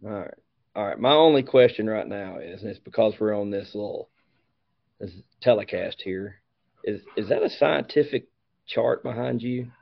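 A man who is a football coach, answering interview questions casually over a video call in a halting way, often saying "you know" and repeating himself. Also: fairly low pitch, vocal fry, no echo, dull audio. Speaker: high school football coach.

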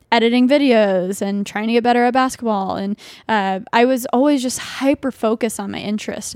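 Chatty young woman, bright higher voice. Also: no room sound, clean studio sound. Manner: chatty, full of "like" and "um", animated. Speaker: podcast guest and video creator. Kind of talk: casual conversational chat.

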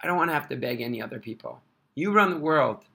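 A man's voice: a little high, unhurried, bright, forceful tone. A man voicing a young orphan praying with pleading, tearful words.

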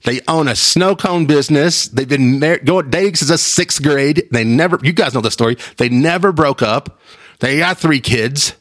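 Speaking at a moderate pace in a voice on the high side, a podcast host chats casually on his own show. He's animated and rambling, with repeated restarts.

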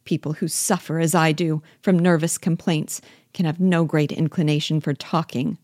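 A fretful, self-pitying middle-aged mother who complains at length, drawn-out and whining, as a woman reads her. Her tone is low and mellow, recorded close and dry. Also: fairly even intonation, no echo, close to an everyday voice. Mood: scolding. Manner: whining, drawn-out melancholy delivery.

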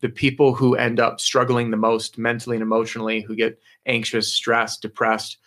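A man's voice: mid-range voice, monotone, moderate pace, fairly bright tone. A man hosting a live motivational talk for salespeople, talking casually and upbeat, with lots of fillers and restarts.

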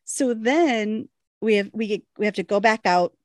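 A woman chatting casually as a co-host, telling a story in an animated way, laughing often and acting out her own panic. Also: medium pitch, a little slow, no echo, studio quality. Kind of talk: casual chat.

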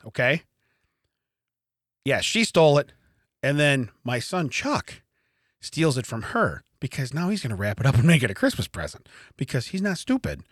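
A man's voice: mid-range voice, big pitch swings, moderate pace, long pauses, no room sound, clean studio sound. A man co-hosting a podcast, telling a story in casual chat, acting out quotes and laughing often. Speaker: podcast co-host. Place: podcast studio.

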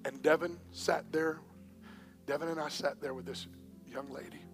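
Male pastor, fairly high gravelly voice, fervent sermon that drops to whispers and rises to shouts. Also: steady tone, normal speed, soft background music. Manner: passionate preaching, swinging from hushed whispers to shouts. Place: church.

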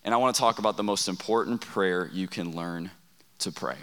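A man's voice: deep voice, a little fast, a bit bright. A young man preaching to a student camp, telling stories in a conversational way and asking the room questions. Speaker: youth pastor. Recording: long reverb of a large hall.

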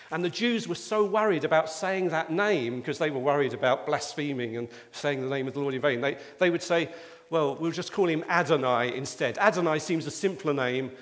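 Man preaching in a reverberant hall. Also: fairly high pitch. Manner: explanatory, emphatic teaching delivery. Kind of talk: sermon. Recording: long reverb of a church hall.

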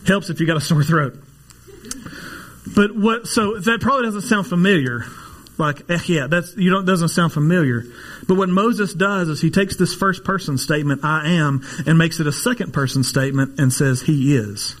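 A man's voice: a little high, normal speed, fairly bright tone. A man preaching a casual sermon, a pastor who jokes and makes nerdy asides. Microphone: live stream.

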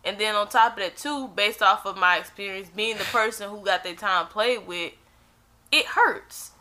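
A woman's voice: mid-range voice, moderate pace, sharp tone. A young woman talking bluntly and emphatically in a casual chat, swearing freely.

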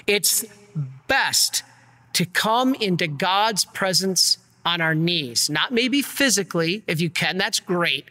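A priest preaching a conversational sermon, with asides and frequent restarts. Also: male voice, sits high, sharp tone, long reverb tail.

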